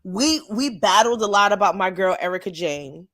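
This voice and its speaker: A woman's voice: mid-range voice, animated, normal speed, a bit bright. A woman podcast guest in casual chat, blunt and opinionated.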